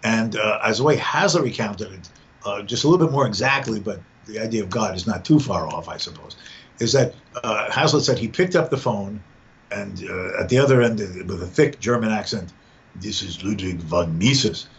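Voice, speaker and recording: Man, low voice, podcast conversation, repeats words while thinking, muffled lo-fi sound, faint background hiss. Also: expressive, a little fast, vocal fry. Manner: thoughtful, repeats words as he gathers thoughts. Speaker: podcast guest.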